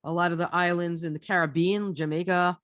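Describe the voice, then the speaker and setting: A woman's voice: lowish voice, fairly even intonation, brisk, fairly bright tone, no room sound. Chatty woman with a dry, close sound. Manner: chatty, rambling, with frequent restarts. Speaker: storyteller recounting a trip. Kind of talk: casual travel story chat.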